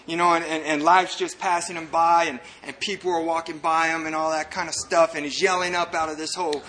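Earnest, rambling man with a bright voice. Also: fairly high pitch, level tone, fairly quick, few pauses, a little hiss or hum. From United States (El Paso, Texas). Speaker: recovering addict sharing his story. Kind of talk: personal recovery testimony to a group.

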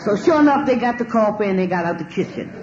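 A woman giving a spoken personal testimony, animated and emphatic, swearing freely and laughing as she tells it. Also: medium pitch, quick pace, muffled recording, a little hiss or hum. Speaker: storyteller sharing a personal testimony.

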